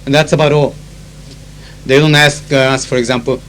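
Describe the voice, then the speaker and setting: A man's voice: medium pitch, fairly even intonation, normal speed, poor audio. A man with a Japanese accent, a conference interpreter, chatting through anecdotes with many fillers. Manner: switches into Japanese to explain phrases. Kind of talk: recorded spoken diary. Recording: old tape with faint hum.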